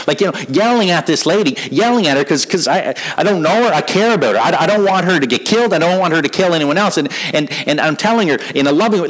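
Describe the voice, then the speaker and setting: A man's voice: on the high side, lively intonation, fast talker, hardly any pauses, a bit bright, rough recording. A middle-aged man preaching a sermon in an earnest way, often repeating words as he builds a point. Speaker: pastor.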